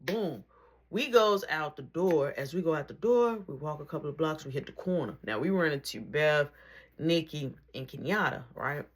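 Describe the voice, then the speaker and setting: A woman telling a personal story in a casual, slangy way, with animated bursts and drops to near whispers. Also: sits low, moderate pace.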